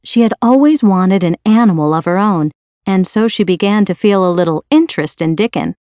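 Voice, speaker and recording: A woman's voice: mid-range voice, lively intonation, brisk, a little mellow, no echo. Woman reading a storybook aloud. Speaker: audiobook reader. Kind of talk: scripted storybook narration.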